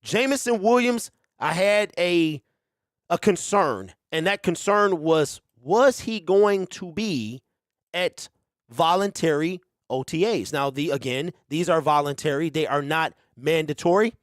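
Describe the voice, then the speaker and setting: A man hosting a casual sports talk stream, animated, who exclaims and repeats himself. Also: on the high side, unhurried, no echo, studio quality. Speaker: sports show host.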